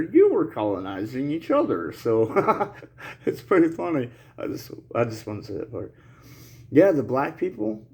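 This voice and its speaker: A man rambling to his audience in a loose, slangy monologue, with nervous laughter breaking into his talk. His voice sits at an ordinary middle pitch, and he coughs now and then while getting over an illness. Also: gravelly, darkish tone. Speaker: channel host. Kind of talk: casual monologue to camera.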